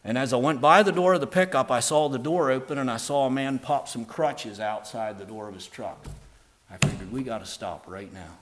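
A man preaching an emphatic sermon and telling a personal story, moving between soft earnest talk and loud, stressed lines. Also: medium pitch, fairly quick, a little hiss or hum. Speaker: pastor.

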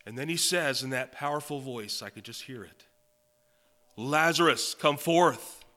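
A man preaching a sermon, quoting scripture and swelling from quiet remarks to loud, emphatic declarations. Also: mid-range voice, animated, a little fast. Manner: reads and quotes scripture in old-fashioned wording.

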